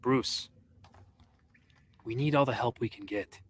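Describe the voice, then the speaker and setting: A man's voice: mid-range voice, slow, a little hiss or hum, natural voice. A man voicing an earnest young sidekick hero in a fan audio drama. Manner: earnest, pleading.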